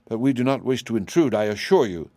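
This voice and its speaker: A man's voice: mid-range voice, lively intonation, fast, warm tone, no room sound. A polite, careful old wizard explains himself in a storybook, voiced by a man reading the book. His manner is courteous and his sound dry and close. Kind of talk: audiobook character reading.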